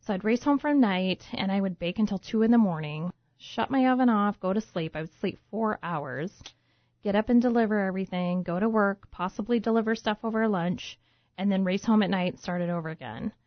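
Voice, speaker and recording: A woman guest in an interview, a home baker turned business owner, tells a personal story and acts out what she thought and said back then. Her mid-range voice is fairly quick and lively, though the dry recording sounds dull, muffled and lo-fi.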